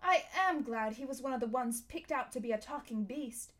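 A woman reading a storybook aloud and voicing a gentle, cautious young girl who speaks softly and hesitantly. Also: high-pitched, expressive, moderate pace.

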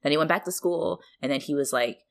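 A woman's voice: sits low, fast, vocal fry. A woman co-hosting a podcast, chatting casually about an episode, playfully acting out the characters' lines and laughing often. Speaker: podcast co-host. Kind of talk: casual chat recapping a TV episode.

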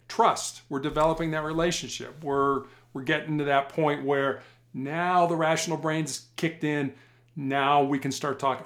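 A middle-aged man with a somewhat high-pitched voice tells stories from his years as a hostage negotiator. He is animated and slips into the voices of the people he talked to. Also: measured pace. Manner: animated, acts out both sides of conversations. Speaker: former police hostage negotiator, guest. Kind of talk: storytelling in a podcast interview.

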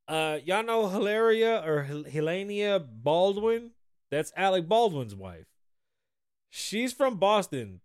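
A man's voice: on the high side, no echo. A man hosting a podcast in casual chat, loose and profane, rambling through stories, his voice strained from a pulled vocal cord and a sinus infection. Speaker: podcast host.

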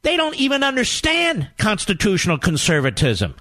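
A man's voice: high-pitched, huge pitch swings, normal speed, bright, forceful tone, no room sound. A man hosting a political talk radio show, delivering a combative monologue full of emphatic rhetorical questions. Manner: emphatic, rallying.

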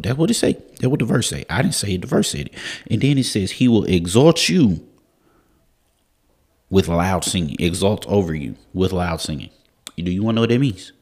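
Deep-voiced man preaching casually. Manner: repeats key phrases for emphasis, casual slang. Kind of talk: informal Bible devotional talk.

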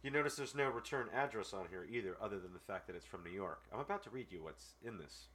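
A man's voice: lowish voice, lively intonation, quick pace, a bit bright. A man co-hosting a podcast, chatting casually and rambling with many restarts. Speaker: podcast co-host. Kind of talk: casual chat.

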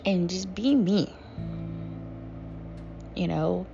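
A woman speaks slowly and thoughtfully on a podcast, her fairly low voice carrying a gravelly edge. She pauses and restarts often, affirming herself as she goes. The sound is dull and lo-fi, with faint music underneath. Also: mellow. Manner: slow, halting self-affirmation with many fillers. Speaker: podcast co-host. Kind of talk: reflective podcast monologue.

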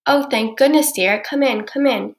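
A woman's voice: sits high, normal speed, roomy sound. A woman voicing a kindly old grandmother who fusses over her granddaughter. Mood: fond.

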